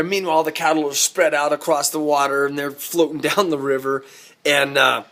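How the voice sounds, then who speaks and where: A man, a rodeo cowboy, telling a ranch story in a folksy, animated, self-amused way. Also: on the high side, brisk. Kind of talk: casual spoken storytelling.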